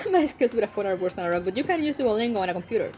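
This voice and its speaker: A young woman streaming and chatting casually, frank and quick to swear, laughing often. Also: medium pitch, lively intonation, darkish tone. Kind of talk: casual chat. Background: faint background music.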